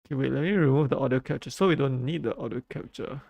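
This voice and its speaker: A man's voice: mid-range voice, fast talker, vocal fry, darkish tone, highs cut off. A man streaming live, chatting casually while fumbling with his settings and repeating himself. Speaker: livestreamer. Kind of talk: casual livestream chat.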